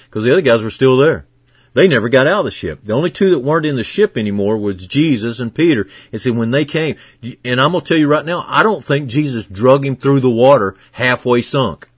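A man preaching a sermon as pastor, earnest and fervent, moving from hushed passages to loud, emphatic ones. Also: mid-range voice, lively intonation, a little fast, slightly rough, dry recording, studio quality.

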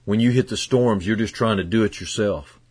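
Low-voiced, fervent male preacher. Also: a little fast, breathy edge, dry recording. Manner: earnest preaching that swings from hushed to loud and emphatic. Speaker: pastor. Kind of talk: sermon.

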